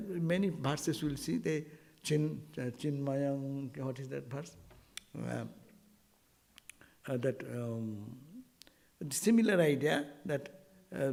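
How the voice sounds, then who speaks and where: A man giving an informal spiritual talk to devotees, animated and full of rhetorical asides. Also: mid-range voice, vocal fry. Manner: animated, rhetorical asides, quotes Sanskrit verses.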